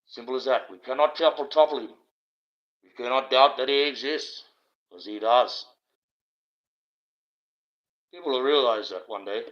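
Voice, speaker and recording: A man's voice: medium pitch, normal speed, pauses often. A man, hosting a livestream from indoors and preaching in a rambling, blunt and profane monologue. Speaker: livestream host. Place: indoors, wearing a mask. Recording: dull, lo-fi livestream audio.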